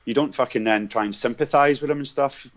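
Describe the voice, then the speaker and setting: A man talks bluntly on a podcast, swearing freely in an ordinary mid-pitched voice. His sound comes through dull and lo-fi. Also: brisk. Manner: blunt, heavy swearing, agreeing backchannels. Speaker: podcast guest, footballer. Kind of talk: casual podcast chat.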